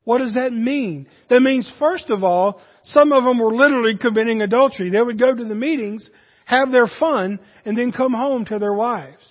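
A man's voice: very high-pitched, moderate pace. A man preaching a sermon as pastor, earnest and speaking straight to his congregation. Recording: dull recording with long hall reverb.

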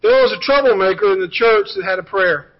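High-voiced preacher on dull lo-fi audio. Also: male voice, brisk. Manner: storytelling preacher, jokey asides then earnest. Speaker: pastor. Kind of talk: sermon.

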